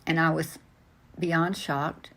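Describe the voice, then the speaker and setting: An older woman slowly telling a personal family story as an interview guest, with frequent pauses and fillers. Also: low-pitched, level tone, a bit bright. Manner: slow, halting, many fillers and restarts. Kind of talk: personal storytelling, answering questions.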